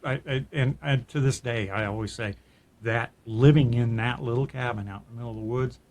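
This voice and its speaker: Middle-aged male podcast host, earnest and reflective, mid-pitched, casual storytelling. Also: brisk, a little mellow. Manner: earnest and reflective, with frequent restarts. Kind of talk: personal storytelling in casual chat.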